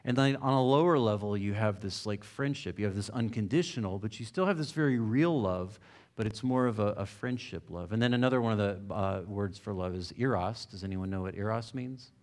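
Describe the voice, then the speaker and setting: A man's voice: lowish voice, a little fast, darkish tone. Casual man preaching a sermon. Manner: conversational, asks the audience questions, many fillers; reads a passage aloud with rising emphasis.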